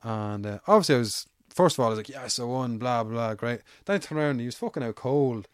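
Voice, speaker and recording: Fast-talking irish man telling fight stories. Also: mid-range voice, smooth, no echo, clean studio sound. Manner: swears freely, rambling anecdotal. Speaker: guest, amateur MMA fighter. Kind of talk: casual storytelling chat.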